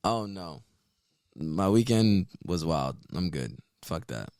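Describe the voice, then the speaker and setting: A man co-hosts a podcast in easy, teasing banter. His voice sits fairly low. The mic is close and dry, with no room sound. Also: lively intonation, slow, darkish tone, dry recording. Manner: laid-back, teasing banter. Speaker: podcast co-host. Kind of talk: casual chat.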